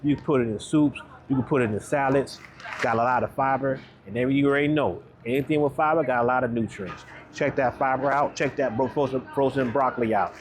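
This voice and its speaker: A man working as a wellness coach, talking through his shopping in casual vlog style, upbeat and chatty, checking in with the viewer with a quick "right?" as he walks the aisles of a grocery store. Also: mid-range voice, a little hiss or hum.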